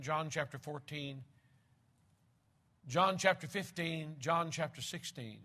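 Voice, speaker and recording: A man's voice: a little high, sharp tone. An older man preaching a sermon, opening with an earnest prayer and then teaching from scripture with emphatic delivery.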